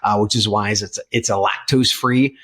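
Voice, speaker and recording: A man's voice: fairly low pitch, steady tone, moderate pace, a bit bright, a little hiss or hum. A man co-hosting a podcast, chatting casually with many fillers and restarts. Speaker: podcast co-host. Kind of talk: casual chat.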